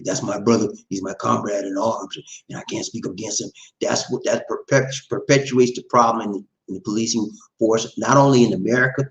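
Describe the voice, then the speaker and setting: A man's voice: fairly low pitch, fairly even intonation, a little fast, gravelly, few pauses, poor audio. A middle-aged man hosting a casual livestream, chatting, reading out viewer names and laughing often. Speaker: livestream host.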